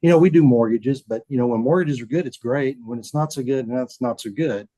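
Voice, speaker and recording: Man, folksy storyteller, mellow dark voice, dry close sound. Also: mid-range voice, fast talker, dry recording, rough recording. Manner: folksy, repeats words, acts out quotes. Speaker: bank CEO, podcast guest. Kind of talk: casual storytelling interview.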